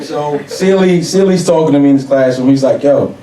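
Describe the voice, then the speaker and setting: A man's voice: a little high, brisk. Young man from New York telling a profane story live, miked from a distance in an echoey hall. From New York City. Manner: profane, animated, laughing audience reactions. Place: stage before a live audience. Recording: roomy hall, mic at a distance. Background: audience laughter.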